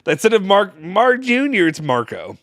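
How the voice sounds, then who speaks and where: A man's voice: high voice, huge pitch swings, normal speed, fairly bright tone, no echo, clean studio sound. A young man co-hosting a fan live stream, joking and teasing with a laugh in casual chat. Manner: playful, laughs often, teasing.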